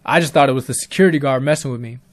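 A man's voice: mid-range voice, racing, no echo. A young man telling a true story in a laid-back, rambling way with casual slang.

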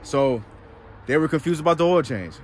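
A man telling a story to camera in a casual vlog, animated and exasperated, full of slang. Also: fairly high pitch, moderate pace, a little hiss or hum. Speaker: used car dealer vlogger.

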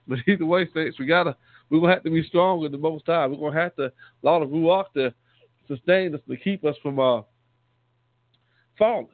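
Higher-voiced deacon preaching over a tinny line. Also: male voice, normal speed, long pauses, no echo. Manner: repeats and restarts words, calls listeners "saints". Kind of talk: conversational sermon teaching. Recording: tinny phone-line sound, dry.

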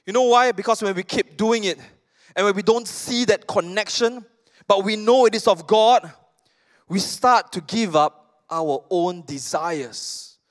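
A Malaysian-accented male pastor preaches with a high voice. He tells stories animatedly and slips in casual side remarks. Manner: animated storytelling with casual asides. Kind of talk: sermon.

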